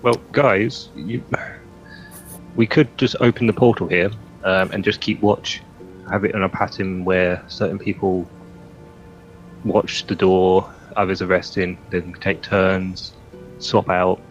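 Low-voiced male player, dull lo-fi sound. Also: steady tone, a little slow, soft background music. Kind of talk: casual tabletop game chat.

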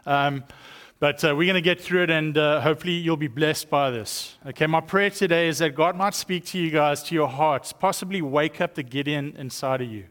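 A South African man, roughly thirty to fifty, delivers a joking, conversational testimony sermon as a guest speaker, leaning on lots of fillers. The voice runs a bit high and fairly bright at a normal speed, with long church hall reverb around it.

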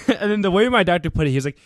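A man's voice: high-pitched, expressive, quick pace, no echo, studio quality. A young man co-hosting a podcast, telling self-mocking stories in casual chat and laughing often. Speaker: podcast co-host.

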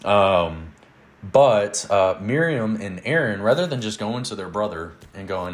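A man's voice: fairly low pitch, lively intonation. A man teaching the Bible in a casual, earnest way, with many fillers. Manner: earnest, measured, with fillers and little laughs. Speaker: podcast host, Bible teacher.

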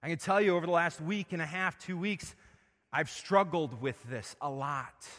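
Male pastor, slightly high voice, preaching with rhetorical questions, loud then hushed, long hall reverb. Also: lively intonation, unhurried. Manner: asks the congregation questions, swings from loud emphasis to soft and low. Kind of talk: sermon.

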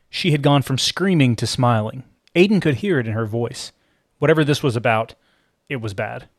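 A man narrating a comic fiction audiobook in an expressive storytelling manner. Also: mid-range voice, moderate pace, no room sound, clean studio sound.

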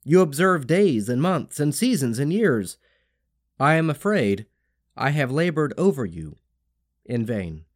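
Man reading scripture with lively intonation. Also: a little high, measured pace. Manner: solemn, expressive reading with lively rises and falls. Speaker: scripture reader.

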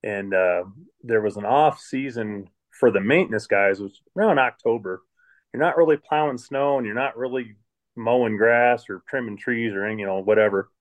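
A middle-aged water plant manager from Michigan casually tells stories about his work life in an interview, speaking at normal speed in a mid-range voice. He rambles along, restarting often.

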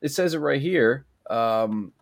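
A man's voice: mid-range voice, expressive, takes it slowly, gravelly, dry recording. Dry-sounding man telling stories eagerly. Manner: eager storyteller, relaying clips. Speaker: podcast co-host. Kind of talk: casual chat.

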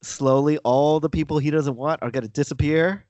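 A man co-hosting a casual sports podcast, talking in an animated way and acting out quotes in mock voices. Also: on the high side, moderate pace, dry recording, highs cut off. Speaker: podcast co-host.

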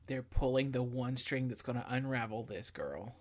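A woman's voice: rumbling low, normal speed. A woman co-hosting a podcast who reacts with wry, joking comments. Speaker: podcast co-host. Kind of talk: casual chat.

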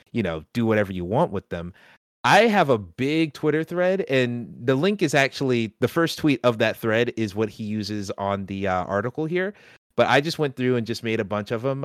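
A man hosting a casual gaming podcast, talking excitedly and often breaking into laughter. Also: medium pitch, no room sound, clean studio sound. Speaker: podcast host. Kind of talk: casual chat.

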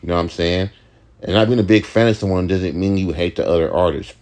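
A young man with a low voice, rambling in a profane, ranting late-night podcast monologue. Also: fast, darkish tone. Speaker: podcast host, rapper.

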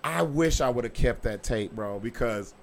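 A man's voice: mid-range voice, animated, moderate pace, vocal fry, slight background noise. A man hosting a podcast, telling stories in casual chat with a swaggering, profane delivery. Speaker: podcast host.

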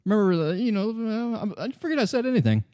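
A man's voice: high voice, wildly swooping pitch, rapid-fire, mellow, dry recording, studio quality, voice pushed up. A man playing a nervous, shifty suspect. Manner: evasive, stammering, rambling. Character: nervous, shifty adult man hiding guilt.

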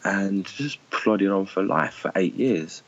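Deep husky-voiced blunt man. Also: animated, slow, dull audio. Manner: emotional, blunt, swears, calls people mate. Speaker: charity fundraiser guest. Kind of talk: candid interview talk.

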